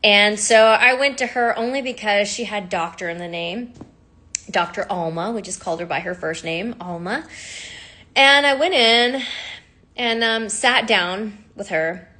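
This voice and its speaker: A woman sharing her personal story in a candid, animated way, full of fillers and asides. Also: mid-range voice, measured pace. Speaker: sound healer telling her story.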